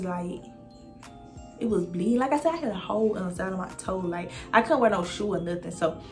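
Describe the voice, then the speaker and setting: A young woman casually telling her viewers a story, animated and profane, talking straight to them. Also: mid-range voice.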